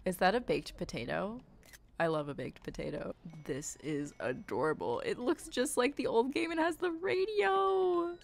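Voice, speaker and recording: A woman streaming a game, reacting with gushing, playful, dramatic excitement. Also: on the high side, moderate pace, creaky. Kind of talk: live-stream commentary.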